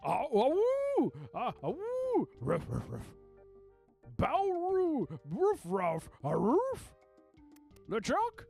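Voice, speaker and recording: A man's voice: very high-pitched, huge pitch swings, extremely slow, creaky, darkish tone, soft background music, heavily acted. A man doing a yapping, growling cartoon dog. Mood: playful barking. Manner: yipping, growling dog noises mixed with names. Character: barking playful cartoon dog.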